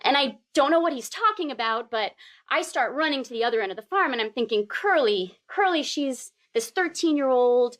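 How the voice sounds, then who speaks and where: A woman telling a personal story on stage, animated, building tension through repeated phrases and rising to high squeaks. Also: quick pace.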